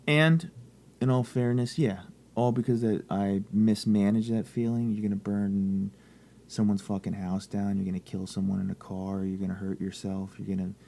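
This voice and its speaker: A low-voiced man with a gravelly edge chats loosely on a podcast. He swears freely and drifts from one rambling story to the next. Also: warm tone, slight background noise. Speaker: podcast co-host. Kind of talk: casual podcast chat.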